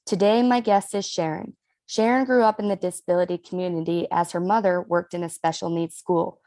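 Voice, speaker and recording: A woman hosts an interview podcast, her voice carrying a gravelly fry. She reacts to her guest with warm encouragement. The sound is dry and close. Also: on the low side, fairly even intonation, brisk, no room sound. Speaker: podcast host.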